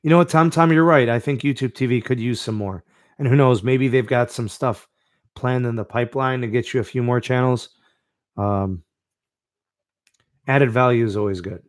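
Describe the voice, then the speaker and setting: A man's voice: medium pitch, moderate pace, no echo. Casting: easygoing male podcast host, mid-range voice, dry close mic, loose chatty delivery. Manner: laid-back, reads out live chat, many fillers. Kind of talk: live-stream podcast chat.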